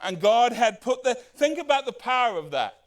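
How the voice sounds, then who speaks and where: A man's voice: very high-pitched, sing-song, moderate pace. A man pastor preaching a sermon in a conversational way, asking rhetorical questions and acting out the quoted lines.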